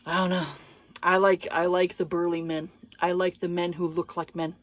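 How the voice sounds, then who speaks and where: A woman's voice: lowish voice, flat delivery, normal speed, no echo. Blunt, cussing woman ranting about a book. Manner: blunt, profane, exasperated; hesitant with many fillers. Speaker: book reviewer. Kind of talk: casual book review rant.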